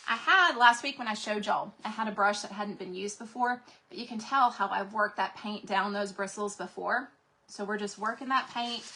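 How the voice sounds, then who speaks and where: A woman hosts a live craft stream, painting while she chats casually and greets viewers by name, sounding a bit out of breath. Her voice is on the high side, pushed and bright, with a little hiss or hum in the recording.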